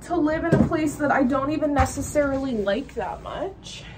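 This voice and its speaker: A young woman vlogs casually on her phone, with clear background noise, her voice sitting high, animated, and at a moderate pace. Tired and sweaty, she rambles in exasperation, frank and profane, sounding worn out.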